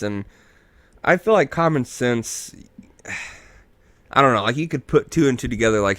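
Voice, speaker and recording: A man's voice: medium pitch, moderate pace, a bit bright, no echo. A tipsy man hosting a podcast, rambling through a movie recap in casual chat and swearing freely. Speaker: podcast host.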